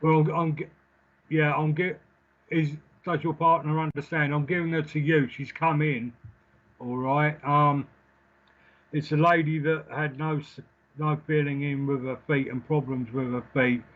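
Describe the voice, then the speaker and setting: A man working as a psychic medium and giving a live spirit reading. He talks in a gentle, reassuring way and keeps checking in with "okay?" and "all right?". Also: fairly high pitch, fairly even intonation, measured pace. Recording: slightly dull lo-fi stream audio.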